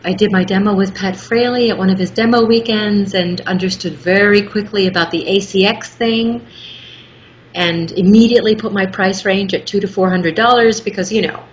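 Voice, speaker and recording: Middle-aged woman, clear articulate storyteller, interview guest on a slightly muffled line with faint hiss. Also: mid-range voice, steady tone, moderate pace. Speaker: guest, audiobook narrator. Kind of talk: casual interview chat. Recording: muffled with faint background noise.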